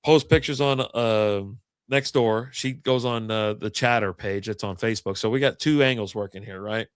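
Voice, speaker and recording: Profane, animated man telling a story. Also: fairly low pitch, moderate pace, smooth, no room sound, studio quality. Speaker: podcast host. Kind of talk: casual storytelling chat.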